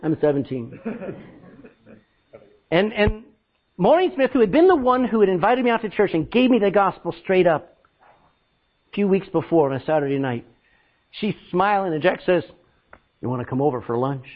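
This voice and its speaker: A man preaching a sermon, telling stories loudly and acting out what people said. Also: high voice, normal speed, pauses often, highs cut off. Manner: loud, animated preaching with acted-out quotes. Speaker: pastor. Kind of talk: storytelling sermon.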